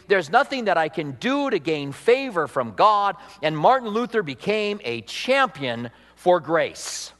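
A man's voice: sits high, a bit bright. A male pastor preaching a conversational sermon, joking at his own expense. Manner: conversational, self-deprecating, laughs at himself. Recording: long hall reverb.

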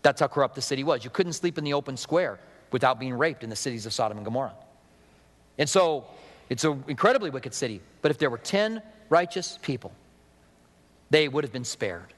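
A man's voice: medium pitch, animated, a little fast. Man preaching in a reverberant church. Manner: conversational preaching with asides and acted-out quotes. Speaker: pastor. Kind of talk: sermon. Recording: long hall reverb.

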